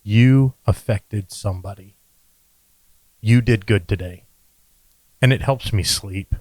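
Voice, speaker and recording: A man's voice: fairly low pitch, takes it slowly, a little mellow, no room sound, poor audio. A man chatting earnestly on a podcast, encouraging and often restarting his words. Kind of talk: casual chat.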